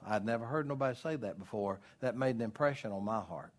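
A man preaching, delivering his sermon with animated storytelling. His voice rises high and loud for emphasis, then drops low and quiet. He slips into the voices of the people in his stories. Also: quick pace, hardly any pauses. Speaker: pastor.

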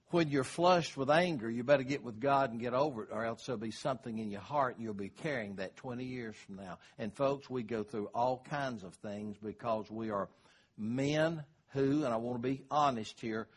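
Husky older pastor. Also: male voice, mid-range voice, moderate pace. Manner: folksy, conversational preaching. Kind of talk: sermon.

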